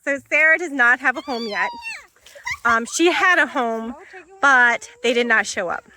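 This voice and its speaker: Woman farm vlogger, high bright voice, casual chatter into a phone outdoors with faint animal noise behind. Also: animated, unhurried. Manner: chatty, switches to high baby-talk with animals. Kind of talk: casual vlog narration while doing farm chores. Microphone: phone held while walking.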